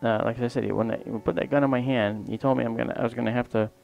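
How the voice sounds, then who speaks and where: Gravelly-voiced man telling a rambling story. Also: medium pitch, fairly even intonation, racing, lo-fi sound, faint music behind. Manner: rambling and anecdotal, often trailing off mid-sentence. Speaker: livestream host. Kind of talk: casual spoken storytelling.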